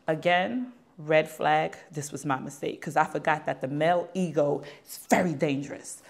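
A young adult woman being interviewed, telling a long story in a lively way and acting out the people in it. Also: low-pitched, moderate pace, gravelly, hardly any pauses. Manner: animated, acts out quoted dialogue. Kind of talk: storytelling anecdote.

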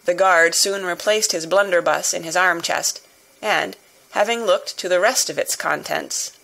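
A woman narrating a classic novel in a measured, even storytelling manner. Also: on the low side, gravelly, rough recording. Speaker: audiobook narrator.

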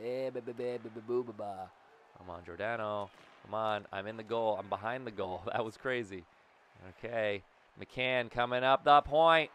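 Young male gamer, excitable live play-by-play, smooth clear voice, mid pitch. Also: a little slow. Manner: excitable, talks to himself and the players. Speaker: gaming YouTuber. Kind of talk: live gameplay commentary.

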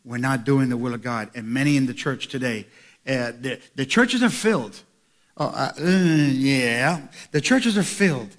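A pastor preaching a sermon, moving from quiet asides to shouted calls to the congregation. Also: male voice, medium pitch, moderate pace.

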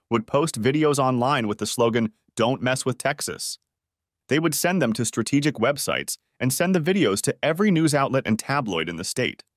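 A man narrating a first-person revenge story with a wry, expressive delivery. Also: mid-range voice, no room sound, clean studio sound.

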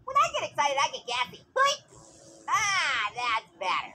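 A gaming YouTuber giving goofy, joking let's play commentary with squealing excited outbursts. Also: sits high, moderate pace. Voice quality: goofy and jokey.

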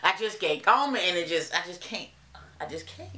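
A woman's voice: fairly low pitch, big pitch swings, normal speed, bright, forceful tone, reverberant. A woman with a Southern US accent chatting dramatically to her viewers in a hair vlog. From Alabama. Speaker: hair vlogger. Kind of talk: casual vlog chat.

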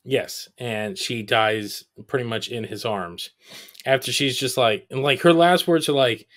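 A man hosting a podcast, recapping a film in a casual, sarcastic, animated way. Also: medium pitch, a little slow. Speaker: podcast host.

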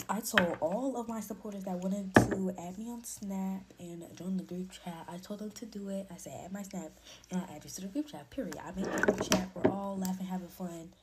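A woman telling a dramatic group chat story late at night, talking low and lively, with whispered asides. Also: a little fast, noisy background. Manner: animated gossip, drops to whispers for quoted lines. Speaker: storytime creator. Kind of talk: casual storytime.

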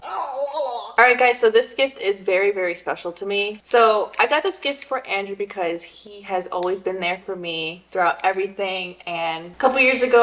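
A young woman co-hosting a casual home vlog, giggly and emotional, often repeating herself. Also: mid-range voice. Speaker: vlog co-host, girlfriend. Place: home room at Christmas. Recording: echoey room.

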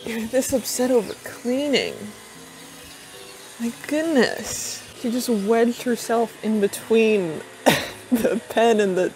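A woman's voice: mid-range voice, a little hiss or hum. A woman vlogging casually, cooing at and playfully scolding her pet rabbit, laughing often.

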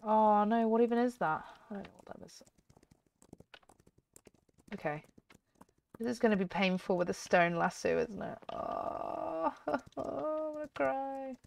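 A woman giving chatty, excitable let's-play commentary as a gaming YouTuber, often giggling. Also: a little high, a little slow, creaky, long pauses.

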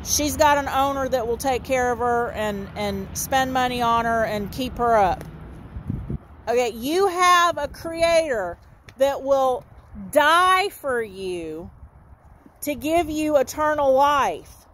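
A woman's voice: high-pitched, slow, a bit bright, a little hiss or hum. A woman giving a folksy, informal sermon outdoors, repeating her points and calling her listeners "saints.". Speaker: street minister. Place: outdoors in a dry horse lot.

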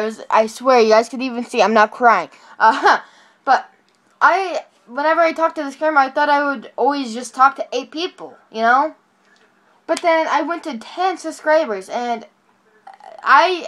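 A high-pitched woman rambles excitedly to her phone camera while sitting on her bed at home. She tumbles over her words, stops mid-sentence and corrects herself, and keeps it chatty and casual like a homemade vlog. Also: moderate pace. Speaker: vlogger.

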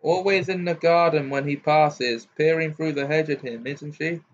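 A man reading aloud plays a vicious young brute who taunts and sneers with a cackling edge. His voice sits higher than the reader's usual tone and comes through a dull, lo-fi recording. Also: moderate pace, lightly acted. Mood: taunting.

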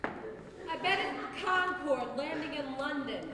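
A woman's voice: high-pitched, takes it slowly, crowd noise. A teenage girl in a school play, acting a wry, exasperated well-off wife. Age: teens. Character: exasperated wealthy middle-aged wife, wry. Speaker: student actor in a school play. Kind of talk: amateur stage acting. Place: large school auditorium stage. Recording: echoey auditorium with loud audience.

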